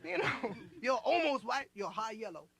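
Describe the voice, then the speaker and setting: A comedian doing a brash shouting film tough guy. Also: very high-pitched, sing-song, normal speed, creaky, heavily acted. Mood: bellowing. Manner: shouted, swaggering threats. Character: brash male tough-guy film hero, yelling insults. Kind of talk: stand-up bit.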